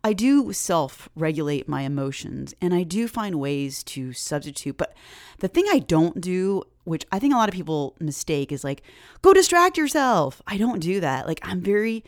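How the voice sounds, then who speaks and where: A woman's voice: lowish voice, normal speed, no echo, studio quality. A woman hosting a fitness podcast, talking casually and encouragingly with lots of fillers. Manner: chatty, animated, encouraging, many fillers. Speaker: podcast host. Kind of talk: casual solo podcast talk.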